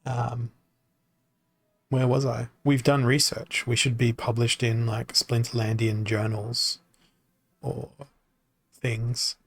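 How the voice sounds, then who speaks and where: A man streaming a card game, thinking aloud in a halting, self-mocking way, his voice tired and worn from talking. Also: medium pitch, level tone, dry recording. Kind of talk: casual live-stream commentary.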